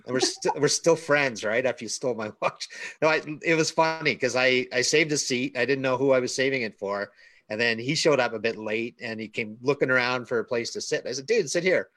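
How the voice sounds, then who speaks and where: A man's voice: medium pitch, fairly quick, fairly bright tone, no echo. A man on a casual panel, joking and bantering with a laugh. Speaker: panel guest.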